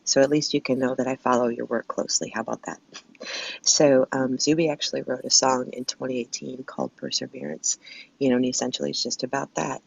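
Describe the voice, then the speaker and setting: A caller with a gravelly, husky voice asks a long question quickly and earnestly. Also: medium pitch, steady tone. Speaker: audience caller. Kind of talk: casual conversation. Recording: muffled lo-fi audio.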